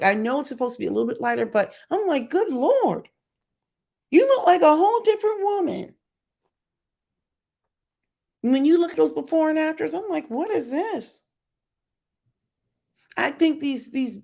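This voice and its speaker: A woman's voice: on the high side, vocal fry. A middle-aged woman vlogger giving blunt, emphatic opinion commentary straight to her viewers.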